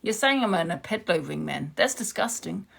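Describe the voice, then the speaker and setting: A woman's voice: lowish voice, sing-song, normal speed, gravelly, slightly rough. Angry woman ranting on a live stream. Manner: heated, confrontational, swears freely. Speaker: livestreamer.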